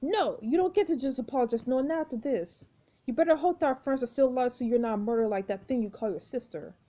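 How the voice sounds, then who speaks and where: A woman voicing a sharp-tongued, angry young woman in a story game, firing off fast, biting retorts. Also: high-pitched.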